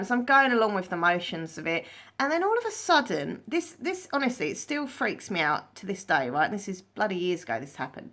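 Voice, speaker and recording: Chatty woman with a lively voice. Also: medium pitch. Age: 30s. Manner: candid, chatty, rambling with fillers. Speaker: vlogger. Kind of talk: casual storytime chat.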